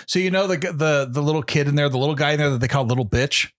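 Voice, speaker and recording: A man's voice: a little high, fast talker, dry recording, clean studio sound. A man co-hosting a podcast, telling a movie story with heavy swearing and acted-out quotes. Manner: animated storyteller, swears a lot, acts out quotes. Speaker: podcast co-host. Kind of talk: casual chat, retelling a movie.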